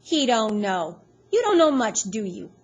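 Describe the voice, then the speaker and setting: A woman reading aloud, voicing a surly, threatening man with curt, loud lines. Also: fairly high pitch, expressive, normal speed, husky, voice pushed up. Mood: menacing. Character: menacing tattooed man, gruff and surly. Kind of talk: read-aloud storytelling.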